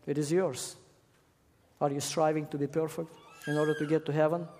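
Emphatic preacher in an echoing hall. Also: male voice, fairly high pitch, little pitch movement, fairly quick, a little hiss or hum. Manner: emphatic, rising to loud peaks on key words. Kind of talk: sermon. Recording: echoey hall.

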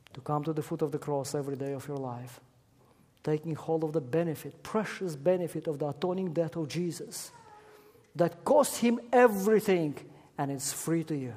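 A man preaching with emphatic force, his fairly high voice climbing to loud peaks on key words. He speaks in a church or large hall, and a long echo trails each phrase. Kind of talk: sermon. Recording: echoey hall.

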